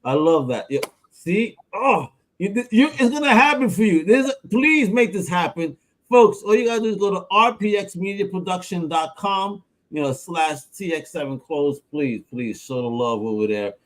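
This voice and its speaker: A man hosting a casual podcast interview, animated and slangy, laughing often and acting out quotes. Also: high voice, moderate pace, rough recording. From New York. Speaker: podcast host.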